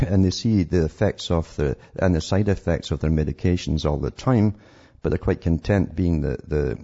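A man's voice: sits low, warm tone, slightly rough, muffled recording. A man hosting a call-in radio show, talking in an indignant, rambling way and often repeating words. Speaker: radio talk show host.

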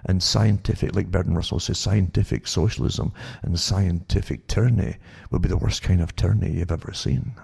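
A low, heavily gravelly man holding forth on his talk show. He rambles, doubles back and repeats words as he goes. His tone is dark and husky. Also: a little fast, few pauses. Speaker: show host.

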